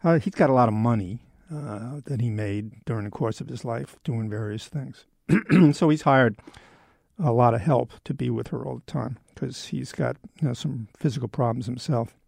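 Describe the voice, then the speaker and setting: A man in his early seventies muses aloud in a loose, rambling way, joking at his own expense. His voice has a gravelly, creaky texture at a middling pitch. The sound is dry and close, with no room around it. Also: normal speed, darkish tone, no room sound. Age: 70s. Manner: rambling, self-deprecating, wry. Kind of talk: casual monologue.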